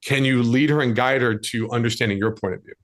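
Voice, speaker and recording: A man speaking as a podcast guest, coaching listeners in a direct, plain-spoken way. His voice sits at a middle pitch. He mixes blunt tips with quick examples. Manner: direct, coaching, acts out scenes with quoted voices. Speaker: dating and lifestyle coach, guest. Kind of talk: casual podcast conversation.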